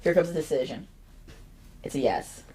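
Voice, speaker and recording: A woman hosting a casual interview, expressive and excitable, jumping into high squeals when she quotes reactions. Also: moderate pace, a little hiss or hum. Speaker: interview host.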